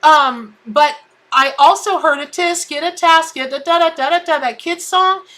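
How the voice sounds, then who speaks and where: A woman's voice: high-pitched, normal speed, a bit bright. A woman hosting a live tarot stream, chatting in a bubbly way and greeting viewers by name. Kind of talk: casual live-stream chat.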